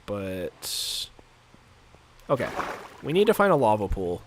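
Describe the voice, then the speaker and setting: Over a noisy background, a young streamer talks loosely with his audience mid-game, wandering from point to point with plenty of filler. His voice is lowish and a little congested, taking its time while the pitch rises and falls a lot.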